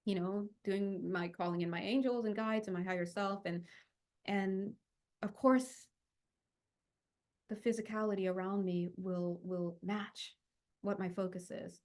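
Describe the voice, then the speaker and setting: A young woman leading a spiritual healing talk, chatty and animated, with many fillers and restarts. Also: mid-range voice, measured pace. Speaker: spiritual teacher.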